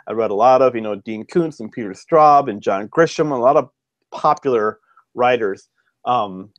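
A man's voice: mid-range voice, no room sound. A man, a fiction writer, chatting as a podcast guest, telling stories with lots of ums and restarts. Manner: rambling, with frequent ums and restarts. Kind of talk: casual storytelling chat.

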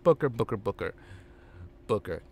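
A man's voice: lively intonation, moderate pace, creaky. A man doing a bossy wrestling promoter. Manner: emphatic, high-pitched bossing.

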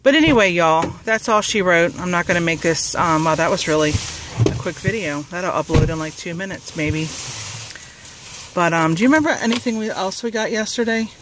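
A woman's voice: on the low side, a little fast, noisy background. A woman rambling casually in a haul vlog, with lots of fillers and restarts, a bit out of breath, outdoors in a parking lot. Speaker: vlogger.

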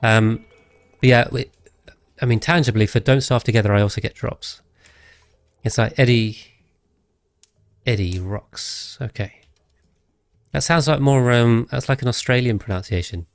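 During live gameplay, a man with a mid-range voice talks casually to his viewers and thinks aloud. He speaks at a moderate pace, and there's no room sound.

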